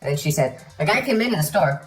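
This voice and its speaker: A man's voice: a little high, fast talker, husky, soft background music. A man telling funny stories from his life in a comedic storytime monologue, breaking into exaggerated outbursts. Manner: animated, jumps to exaggerated outbursts.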